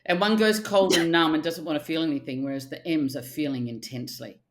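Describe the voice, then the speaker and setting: A middle-aged woman with a low, deep voice talks in a relaxed podcast chat. She is an animated, blunt therapist who swears now and then. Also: a little fast. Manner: animated, acts out quotes, blunt with casual swearing. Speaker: archetypal therapist guest.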